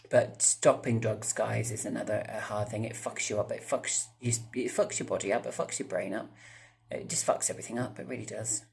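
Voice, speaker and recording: Swearing freely and drifting into tangents, a male vlogger in his 30s rambles through a casual storytime for viewers. His voice is fairly low and gravelly with a steady tone, and he talks fairly quickly.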